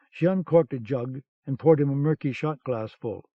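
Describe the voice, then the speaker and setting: A man narrating a novel in a steady, measured way for an audiobook. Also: mid-range voice, no echo. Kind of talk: scripted narration. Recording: dull cassette-era audiobook sound.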